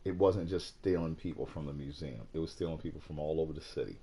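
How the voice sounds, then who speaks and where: A man streaming, chatting casually about a movie in an animated, profane way, going from quiet to loud and laughing often. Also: extremely low pitch, fast talker, a little hiss or hum. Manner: laughs often while talking. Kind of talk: casual chat.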